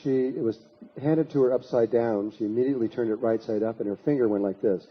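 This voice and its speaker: A man's voice: medium pitch, quick pace, slightly rough, muffled recording. A man giving a spiritual lecture, telling a long anecdote in a rambling way, with many restarts and repetitions. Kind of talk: storytelling lecture to an audience.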